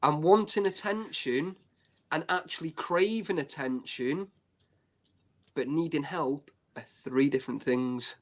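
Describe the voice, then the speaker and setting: A man's voice: fairly high pitch, unhurried. A man talking bluntly and openly in a casual live-stream chat, full of "you know" and "right".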